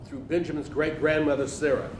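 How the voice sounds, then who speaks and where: A man's voice: on the high side, little pitch movement, brisk. A man in a Bible class reading commentary aloud, with some hesitation. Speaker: class participant. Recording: echoey room with faint noise.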